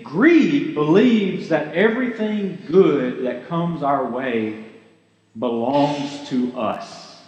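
A man's voice: fairly high pitch, very slow, darkish tone, roomy sound, big-room sound, lo-fi sound. A man giving a sermon as pastor, earnest and conversational, asking his listeners rhetorical questions.

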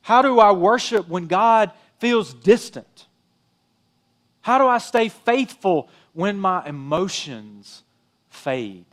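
High-voiced pastor preaching conversationally. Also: male voice, lively intonation, slow pace. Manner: conversational preaching, rising and dropping emphasis, frequent "you know". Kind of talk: sermon.

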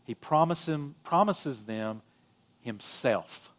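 A middle-aged man with a notably high voice delivers a sermon. He keeps it conversational, full of "you know" asides. His emphasis rises on key phrases and falls to near-hushed endings. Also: expressive, a little slow. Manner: conversational preaching, rising and dropping emphasis, frequent "you know". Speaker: pastor.

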